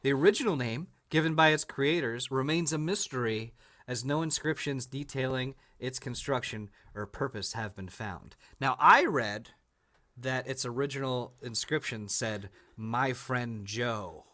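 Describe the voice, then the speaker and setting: An American man co-hosts a comedy podcast, chatting casually, cracking jokes, laughing a lot and slipping into silly character voices. His voice is medium-pitched, pushed and bright, at a normal speed.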